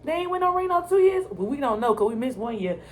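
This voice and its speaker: Excitable woman shouting at the TV. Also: high-pitched, fast. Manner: loud, animated, shouts at the screen then chats calmly to viewers. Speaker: TV reaction vlogger. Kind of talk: excited reaction commentary.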